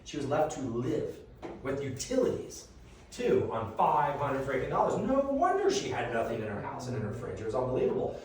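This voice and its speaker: A man giving a reverse mortgage seminar, telling a long personal story in a casual, animated way. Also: mid-range voice, a little fast, a little hiss or hum. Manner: animated, conversational, swears casually. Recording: echoey room from a distant mic.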